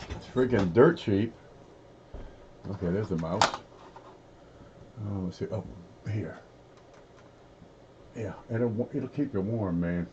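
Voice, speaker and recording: A man's voice: fairly low pitch, takes it slowly, pauses often. A man hosting a coin collecting channel, chatting casually in a folksy, rambling way while he eats on camera with his mouth full. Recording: dull lo-fi sound with faint background noise.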